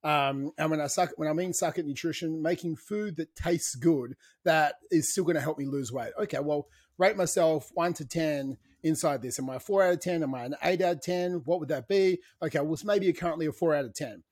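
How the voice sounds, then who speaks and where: A man's voice: a little high, a little fast, hardly any pauses, a little mellow. A man co-hosting a podcast, talking in an emphatic, preachy way and repeating phrases for emphasis. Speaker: podcast co-host. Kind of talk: motivational podcast chat.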